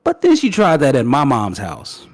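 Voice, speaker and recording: A man co-hosting a podcast in casual chat, relaxed and often checking in with "right?". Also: medium pitch, moderate pace, dry recording.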